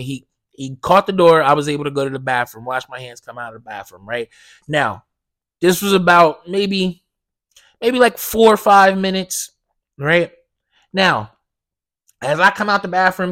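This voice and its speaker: A man hosting a casual solo podcast, telling stories in a profane, animated way that swings from loud indignation to low mumbled asides. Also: no room sound. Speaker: podcast host.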